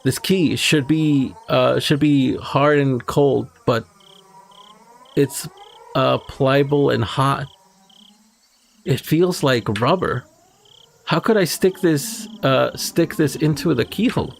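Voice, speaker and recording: A man's voice: mid-range voice, moderate pace, creaky. A man streaming himself as he reads a visual novel aloud, breaking off now and then to check his stream settings.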